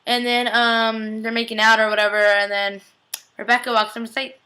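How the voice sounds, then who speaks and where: A woman's voice: fairly high pitch, a little fast, pushed and bright, rough recording. A young woman giving a casual, chatty TV episode recap, gushing and peppering her talk with "like". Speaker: TV recap vlogger.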